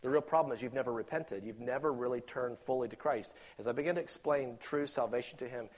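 A man preaching a sermon with passion, rising to loud emphatic peaks and dropping to quiet asides, acting out imagined objectors. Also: mid-range voice, fast. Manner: acts out imagined objectors in quoted voices.

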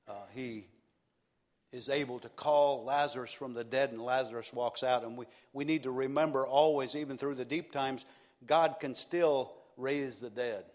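A male pastor delivers a sermon in an earnest, steady voice. He repeats key phrases and leans on pauses for emphasis. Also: mid-range voice.

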